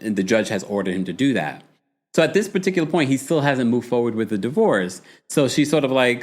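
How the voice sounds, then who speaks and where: A man hosting a casual reality-TV recap livestream, talking in an animated, sassy, gossipy way. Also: medium pitch, fairly quick. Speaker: host.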